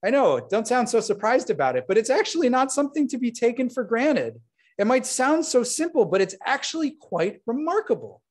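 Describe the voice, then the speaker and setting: A man with a notably high voice delivers a rabbi's installation sermon. He speaks earnestly and warmly to his congregation. He breaks off now and then for friendly asides. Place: synagogue sanctuary.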